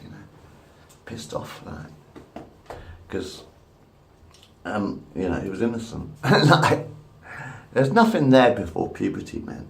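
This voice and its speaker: A man's voice: on the low side, creaky. A man in his fifties rambling crudely and repetitively to a camera at home. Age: 50s. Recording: echoey room.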